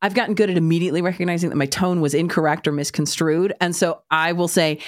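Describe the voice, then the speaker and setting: A woman in her thirties co-hosts a parenting podcast, frank and wry, dropping casual swears. Her voice sits a little low. It is recorded dry and close to the mic. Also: fairly even intonation, fast, hardly any pauses, no room sound. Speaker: parenting podcast co-host and author. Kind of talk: casual chat.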